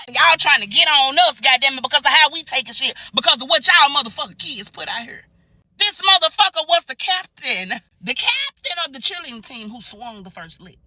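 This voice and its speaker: A woman ranting angrily to her phone camera in a heated, profane reaction, swinging between shouts and low mutters. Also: no room sound. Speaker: social media commentator. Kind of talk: angry reaction rant to camera.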